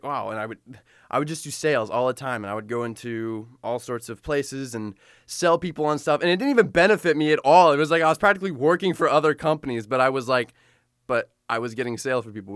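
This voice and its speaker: A young man talks straight to the camera in a loose, rambling vlog style, packing his sentences with fillers and quick restarts. His pitch sits right in the middle for a man. The sound is dry and close, with almost no room around it. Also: no echo. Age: young adult. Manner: fast, animated, full of fillers and restarts. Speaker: photographer telling his story. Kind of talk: casual personal storytelling.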